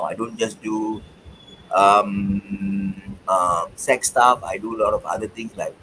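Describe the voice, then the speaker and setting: A man who is a stand-up comedian, answering interview questions in an animated, joking way. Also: on the low side, a little hiss or hum, poor audio. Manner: animated, joking, excitable bursts. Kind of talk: interview conversation.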